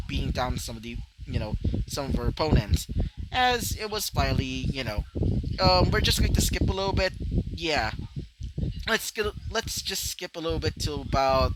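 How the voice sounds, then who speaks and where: A man improvising a story in a rambling way, full of fillers. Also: medium pitch. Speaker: fan fiction narrator. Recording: loud background noise.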